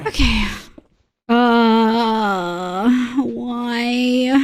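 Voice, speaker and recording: A woman's voice: fairly high pitch, takes it slowly, faint music behind. Chatty, foul-mouthed young woman streamer. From Australia. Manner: chatty, swears often, reacts loudly to jump scares. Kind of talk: casual gaming livestream chat.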